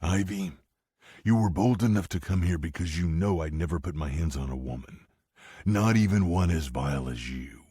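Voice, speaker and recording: A man's voice: low voice, moderate pace, dark tone, husky, dry recording, clean studio sound. A man voicing a blunt, fierce tough man who speaks with threatening bluntness in an audiobook. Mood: angry threatening.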